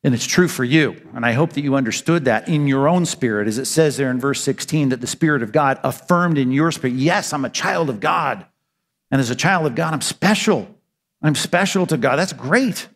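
A man's voice: mid-range voice, moderate pace, long reverb tail. A man preaching a sermon as pastor, earnest and emphatic, asking rhetorical questions and answering them.

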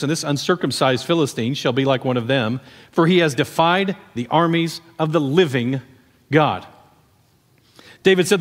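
A man preaching a sermon, telling the story in a conversational, animated way with asides to the congregation. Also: fairly high pitch, long reverb tail. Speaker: pastor.

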